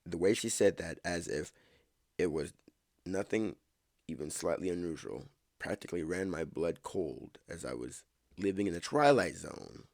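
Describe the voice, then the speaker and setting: A man's voice: low voice, animated, normal speed, a little mellow. A man reading a story aloud as a podcast host, often stumbling, rereading lines and breaking off to comment on the text.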